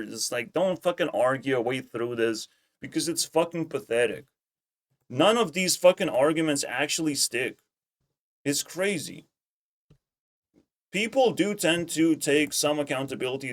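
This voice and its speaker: A man streaming casual commentary, ranting in a heated, profane way and repeating himself when worked up. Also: mid-range voice. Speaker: streamer reacting to clips.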